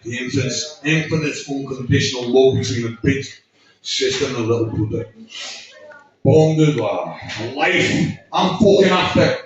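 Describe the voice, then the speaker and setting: A man's voice: medium pitch, slight background noise. Choked-up man, echoey room. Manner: choked up, halting, swears often. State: emotional, close to tears. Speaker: speaker at a memorial birthday gathering. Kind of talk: emotional tribute speech read aloud. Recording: echoey room, distant mic, dull sound.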